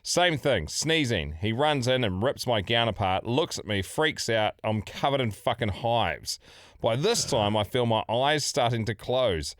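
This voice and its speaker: A man's voice: medium pitch, lively intonation, unhurried, no room sound, clean studio sound. A middle-aged man with a New Zealand accent, co-hosting a podcast and reading out a listener's story in a laid-back, sweary way. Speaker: podcast co-host.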